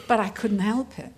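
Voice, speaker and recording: Slow-spoken older woman giving a testimony. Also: mid-range voice. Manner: earnest storytelling, breaks into laughter. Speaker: conference speaker. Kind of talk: testimony talk.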